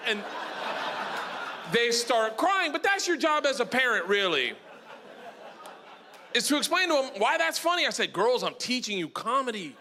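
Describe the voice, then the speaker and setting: Loud, rowdy middle-aged stand-up comic. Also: male voice, very animated, moderate pace, long pauses. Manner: loud, rowdy storytelling, acts out his daughters in high voices. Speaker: stand-up comedian. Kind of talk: stand-up comedy set. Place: comedy club stage with audience. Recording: live club recording with room noise.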